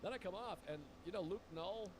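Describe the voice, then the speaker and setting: Comedian type, high-voiced man, animated and profane, acts out every character, noisy room. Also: a little fast. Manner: animated, acts out people's lines, swears freely. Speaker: comedian telling a story. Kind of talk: casual storytelling chat.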